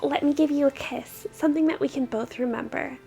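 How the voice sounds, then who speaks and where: Young woman streamer, high and gravelly, excitable game reading with commentary. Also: brisk, soft background music. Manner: excitable, giggly, reacts loudly.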